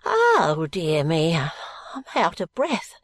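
A woman voicing a frail, miserly old man who is out of breath and gasps out shrill exclamations. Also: wildly swooping pitch, extremely slow, no room sound, clean studio sound, exaggerated voice. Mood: gasping.

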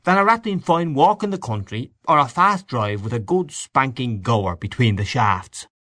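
A man doing a hearty, bluff gentleman. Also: a little high, huge pitch swings, moderate pace, breathy edge, no echo, studio quality, voice pushed up, exaggerated voice.

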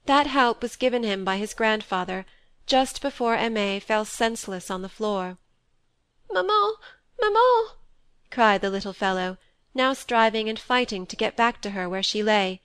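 A woman's voice: medium pitch, a bit bright, clean tone, dry recording. Woman reading a novel aloud, dry. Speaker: audiobook narrator. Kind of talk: scripted narration.

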